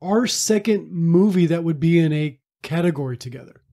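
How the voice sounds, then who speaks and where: A man's voice: fairly high pitch, moderate pace, warm tone. A man co-hosting a film podcast in casual chat, often repeating words and restarting his sentences. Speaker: podcast co-host.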